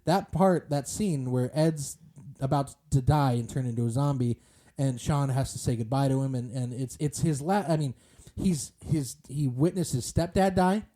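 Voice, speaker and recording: Mellow-voiced man rambling about a film. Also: medium pitch, moderate pace. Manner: rambling, many fillers and restarts. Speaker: podcast co-host. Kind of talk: casual movie discussion.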